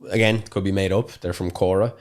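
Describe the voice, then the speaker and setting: A young man with a very low, deep voice, co-hosting a podcast. He rambles along casually, trailing off and restarting as he works through his notes. At times he switches to reading a scripted introduction. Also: steady tone, brisk, a little mellow. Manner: rambling, chatty, many fillers and restarts. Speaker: podcast co-host.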